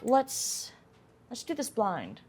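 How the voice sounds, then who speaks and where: A woman voicing a breezy, self-assured male wine merchant, pitching her voice up in a lively, confident way. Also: takes it slowly, breathy edge, full character voice.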